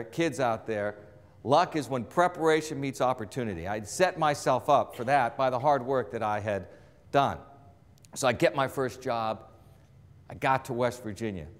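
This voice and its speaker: A man in his forties from the Boston area, telling a motivational career story on stage and acting out the lines of the people in it. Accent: trained-out Boston accent. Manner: animated, acts out quotes, drops low for asides. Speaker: sportscaster speaker. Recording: long reverb of a large hall.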